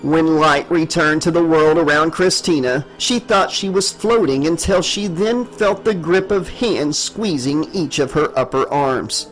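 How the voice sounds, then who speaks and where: A man narrating his own horror novel in a steady, dramatic storytelling manner. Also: on the high side, measured pace, few pauses, soft background music, low-quality recording. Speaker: author and narrator. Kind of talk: audiobook narration.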